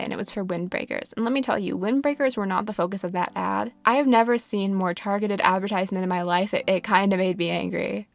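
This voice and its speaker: A woman's voice: medium pitch, creaky. A young woman giving casual, sarcastic commentary while playing a game, often scolding the characters on screen. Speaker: gaming vlogger. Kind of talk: casual rambling commentary over gameplay.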